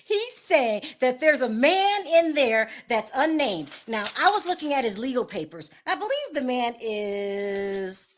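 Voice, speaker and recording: A woman's voice: a little high, very animated, a little slow. Sassy, laughing woman vlogger. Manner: sassy, sarcastic, laughing asides. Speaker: commentary vlogger. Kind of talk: casual gossip commentary.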